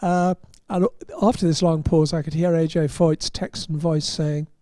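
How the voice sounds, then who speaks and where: A man, a podcast host and motoring journalist, telling an anecdote in an animated way and chuckling at his own punchlines. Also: fairly high pitch, measured pace. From England. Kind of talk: anecdotal storytelling.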